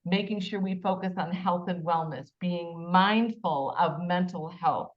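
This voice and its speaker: An enthusiastic woman leads a casual panel chat on a video call, her voice sitting fairly low. The audio is slightly muffled and lo-fi. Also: measured pace. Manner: enthusiastic, chatty, spells words out. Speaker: talk show host.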